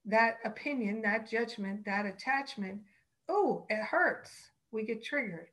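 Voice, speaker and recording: A woman teaching on spiritual practice, speaking in a slow, earnest and emphatic way. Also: fairly high pitch, animated, a bit bright, poor audio.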